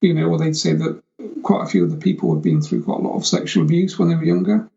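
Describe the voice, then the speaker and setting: Gravelly man on a dull remote line. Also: on the high side, fairly even intonation, dark tone. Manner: measured, explanatory, hedging phrases. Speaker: guest, psychic surgeon. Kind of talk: interview answers.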